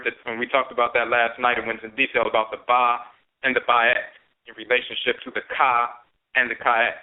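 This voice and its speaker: A man hosting a radio show, giving a methodical spoken lecture and slowing down to repeat and spell out key terms. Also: medium pitch. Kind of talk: spoken lecture on language and spiritual tradition. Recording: tinny phone-line internet radio broadcast.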